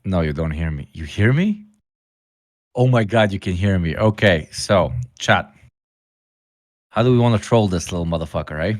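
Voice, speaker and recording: Crude, joking man with a low voice. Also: lively intonation, moderate pace, pauses often, dry recording, clean studio sound. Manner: crude, joking, loud bursts, heavy swearing. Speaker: livestream guest and debater. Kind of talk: casual livestream banter.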